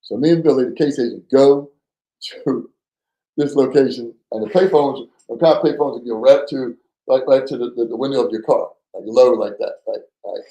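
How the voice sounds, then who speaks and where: A man telling a story as a podcast guest, animated and acting out the voices of people in it, often stammering and repeating words. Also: mid-range voice, normal speed, echoey room, low-quality recording. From New Jersey. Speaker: podcast guest, former undercover FBI agent. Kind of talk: casual storytelling.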